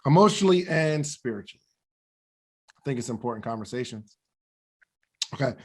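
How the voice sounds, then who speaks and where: A man's voice: medium pitch, expressive, brisk, darkish tone, breathy edge. A man co-hosting a podcast, talking through goals in an earnest, reflective way and laughing at himself now and then. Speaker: podcast co-host. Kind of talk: motivational talk.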